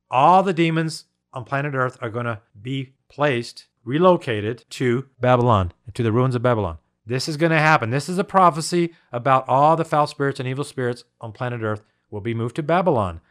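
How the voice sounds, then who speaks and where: A man's voice: medium pitch, brisk, a bit bright. A man teaching on Bible prophecy, reading scripture and asking his listeners rhetorical questions in an emphatic style. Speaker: preacher.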